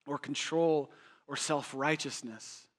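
A man's voice: on the high side, slow pace. A man preaching a sermon as pastor, emphatic and conversational, repeating phrases for effect and joking with his listeners.

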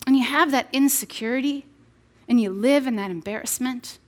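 A woman in her thirties with a high, light voice speaks to a room of mothers in an earnest, chatty sermon style. She stumbles and restarts often and slips in playful asides between her points. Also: a little fast. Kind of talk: sermon-style devotional talk.

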